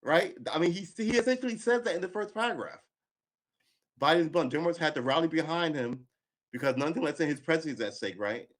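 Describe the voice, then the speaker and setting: A man's voice: on the high side, expressive, fast, a bit bright. A man giving live political commentary, angry and sarcastic, swearing, reading news aloud and cutting in with remarks.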